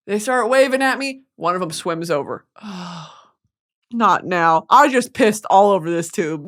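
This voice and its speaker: A woman's voice: lowish voice, lively intonation, a little slow. A woman from Texas hosting a podcast, telling a story as a comedic monologue in a profane, self-mocking way. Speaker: podcast host.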